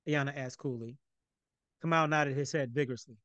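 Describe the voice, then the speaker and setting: A man reading his own novel aloud in an even storytelling narration. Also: medium pitch, fairly quick, no echo, lo-fi sound. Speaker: author.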